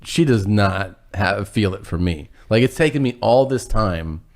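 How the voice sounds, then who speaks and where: A man's voice: fairly low pitch, lively intonation, unhurried. A man telling a rambling, self-deprecating story in casual chat, acting out what people said and laughing as he goes.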